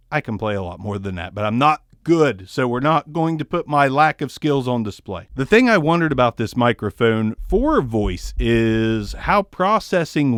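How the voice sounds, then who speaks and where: A man talks through a microphone test in a loose, rambling way, joking at his own expense. His voice is smooth and resonant, recorded close and dry, with his Southern US accent mostly held back. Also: medium pitch, dry recording. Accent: tones down a Southern US accent. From American South. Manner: rambling, joking, self-deprecating. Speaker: microphone reviewer. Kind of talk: casual mic test review. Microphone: ribbon microphone, close and moved around.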